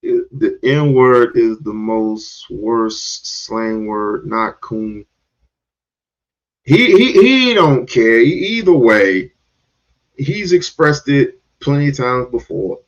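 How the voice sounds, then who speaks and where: A man's voice: mid-range voice, lo-fi sound. A man giving heated, confrontational reaction commentary, cursing and repeating himself to drive points home.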